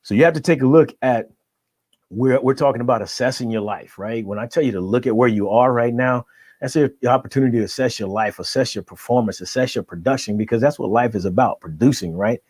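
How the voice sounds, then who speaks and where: Emphatic motivational coach, dry sound. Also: male voice, mid-range voice, fast talker, a little mellow, no echo. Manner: emphatic, keeps checking in with "right?". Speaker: guest coach. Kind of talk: motivational podcast talk.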